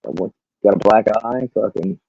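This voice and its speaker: A man's voice: on the low side, moderate pace, vocal fry, dark tone, no room sound. A man ranting about his workday to camera, rambling and swearing, laughing often. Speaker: vlogger. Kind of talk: casual rant. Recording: dull, lo-fi, dry recording.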